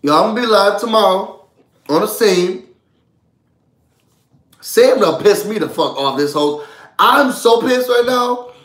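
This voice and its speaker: A man's voice: high-pitched, lively intonation, measured pace, pauses often, a bit bright, roomy sound. A man hosting a live reality-show recap, ranting heatedly with lots of profanity. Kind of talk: live stream rant.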